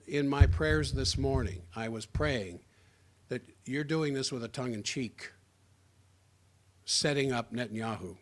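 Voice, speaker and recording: A man giving a sarcastic, rambling political opinion monologue, often restarting his sentences. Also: medium pitch. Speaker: political commentator.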